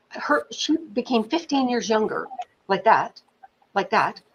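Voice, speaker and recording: A middle-aged woman, a film producer and pitching teacher, telling anecdotes in an interview in an animated, chatty way with many fillers. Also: takes it slowly, muffled recording, slight background noise. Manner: animated storyteller, many fillers like "you know", occasional swearing.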